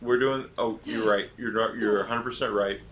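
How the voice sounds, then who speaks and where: A man's voice: on the low side, steady tone, moderate pace, a bit bright, a little hiss or hum. A man from Georgia streaming a game, telling a long story in a casual, rambling way and going off on tangents. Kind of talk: casual storytelling while gaming.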